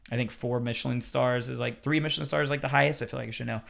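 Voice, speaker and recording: Swearing chef man, animated storyteller. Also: medium pitch, racing, creaky. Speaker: chef, podcast guest. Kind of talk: casual podcast chat.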